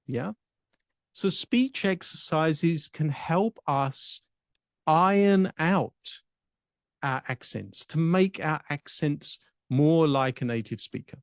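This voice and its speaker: Measured English-accented male speech coach. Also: a little high, lively intonation, dry recording, studio quality. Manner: measured, deliberate, with long pauses. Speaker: speech and public speaking coach. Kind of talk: reflective teaching monologue.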